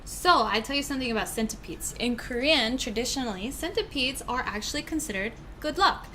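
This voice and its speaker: A woman's voice: on the high side, expressive, fairly quick, sharp tone, slight background noise. A woman co-hosting a casual livestream from a room at home, reading out viewer comments and chatting about them. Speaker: livestream co-host.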